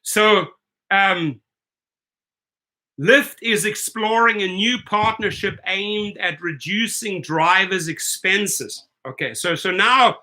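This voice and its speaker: Confrontational rant from a male video host with a high, tense voice who talks straight at the bosses, ends points with a "right?". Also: unhurried, few pauses, bright, forceful tone, poor audio. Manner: confrontational, speaks straight to executives, keeps asking "right?". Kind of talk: ranting commentary vlog.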